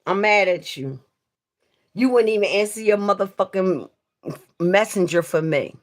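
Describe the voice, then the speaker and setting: A woman's voice: mid-range voice, animated, unhurried, pauses often. A woman chatting casually with viewers on a livestream, swearing freely and talking straight to them. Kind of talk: casual live stream chat.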